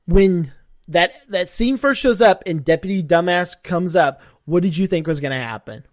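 A man with a fairly high voice rambles through a casual recap, swearing freely and breaking into laughs. The sound is close and dry. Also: animated, dry recording. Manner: rambling, profane, quick to laugh. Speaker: podcast co-host.

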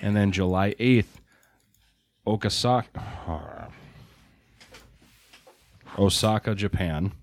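Low-voiced man hosting casual chat. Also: normal speed, dry recording. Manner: joking, reads lists of places. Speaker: podcast host. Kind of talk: casual chat reading event news.

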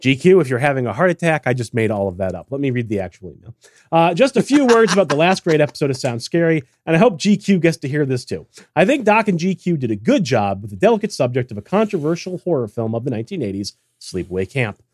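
A man's voice: medium pitch, big pitch swings, fast, few pauses, a little mellow, dry recording. A man co-hosting a casual podcast, reading listener emails with dry, teasing humor. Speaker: podcast co-host.

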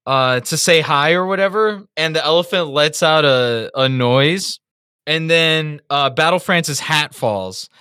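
A man co-hosting a casual review podcast, telling stories in an animated, profane way. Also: fairly high pitch, measured pace, clear, resonant tone, no echo, studio quality. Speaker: podcast co-host.

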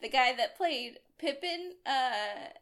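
A woman's voice: sits high, expressive, slow pace, a bit bright. A woman co-hosting a podcast, chatting casually with many fillers and frequent laughs. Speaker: podcast co-host. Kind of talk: casual chat.

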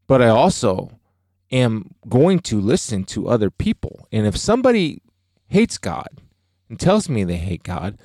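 A man's voice: on the low side, sing-song, measured pace, dark tone, dry recording, studio quality. A middle-aged man co-hosting a faith podcast, talking earnestly and emphatically about his beliefs. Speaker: podcast co-host.

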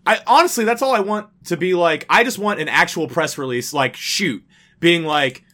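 A man co-hosting a casual podcast, ranting in an animated, exasperated way and swearing freely. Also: on the high side, normal speed. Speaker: podcast co-host.

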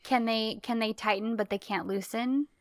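A woman's voice: fairly high pitch, moderate pace, no room sound. A woman co-hosting a casual podcast, animatedly retelling a TV episode. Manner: animated retelling, often laughing and acting out characters' lines. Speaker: podcast co-host recapping a TV series. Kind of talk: casual chat.

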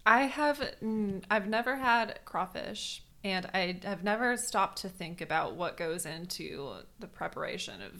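Woman co-host, casual chat; expressive storyteller, occasional cursing, mid-pitched. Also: measured pace, few pauses. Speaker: podcast co-host.

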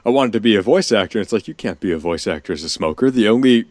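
A man's voice: on the low side, expressive, fast talker, a little mellow, dry recording, studio quality. A man chatting casually, rambling with fillers and restarts and laughing often. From Danish family. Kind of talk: casual chat.

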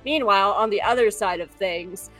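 A young adult woman co-hosting a podcast, recapping episodes in an animated, jokey way. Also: medium pitch, moderate pace, soft background music, low-quality recording. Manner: animated, jokey, switches into voices. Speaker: podcast co-host. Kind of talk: casual recap chat.

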